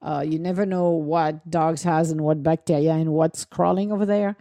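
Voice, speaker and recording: A woman's voice: deep voice, fairly even intonation, normal speed, mellow, dry recording, studio quality. A woman chatting casually in a vlog, telling stories animatedly, with laughter and acted-out quotes. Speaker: vlogger, dog owner. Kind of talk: casual chat.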